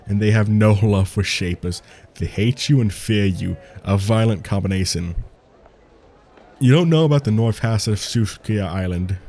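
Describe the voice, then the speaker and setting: A man's voice: fairly low pitch, dark tone, a little hiss or hum. A man reading the lines of a proud, guarded male tribe leader of creature servants in a fantasy game, stumbling and restarting as he reads.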